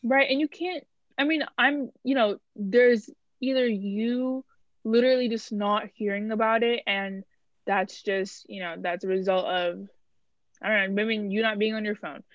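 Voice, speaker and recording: A young woman co-hosting a podcast, talking in a casual, animated way with lots of fillers. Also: mid-range voice, measured pace, no echo. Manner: animated, chatty, many fillers. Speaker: podcast co-host. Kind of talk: casual chat. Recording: dull lo-fi dry sound.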